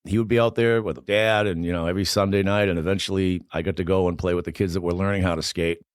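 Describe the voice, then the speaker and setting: Fast-talking older Boston man. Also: low-pitched, clear, resonant tone, no echo, studio quality. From Boston, USA. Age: 60s. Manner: fast, animated storyteller. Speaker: podcast guest, former Olympic hockey player. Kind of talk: casual storytelling interview.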